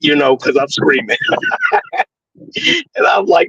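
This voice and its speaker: A man on a call-in stream telling a crude personal story, laughing and swearing as he goes. His husky voice rises and falls a lot. The line is dry and muffled, like cheap call audio. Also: on the high side, unhurried, dry recording. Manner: animated, profane, laughs at his own story. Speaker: caller. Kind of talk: casual storytelling on a call-in show.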